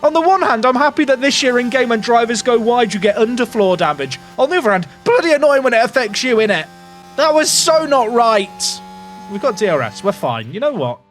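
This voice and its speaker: Animated man with high voice. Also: fairly quick, soft background music. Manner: animated, jokey, swings between hype and mutters. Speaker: gaming YouTuber. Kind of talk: excitable game commentary.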